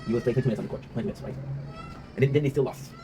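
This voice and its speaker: Rapid-talking man, rambling vlog monologue. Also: mid-range voice. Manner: rambling, reflective, swears freely, often tags "right?". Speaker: vlog host. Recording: noisy ambient background.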